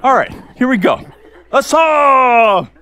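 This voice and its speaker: A man hosting a live gaming stream, excitable and loud, hyping up his viewers as he plays. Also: very high voice, a little fast. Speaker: gaming livestream host. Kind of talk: live game commentary.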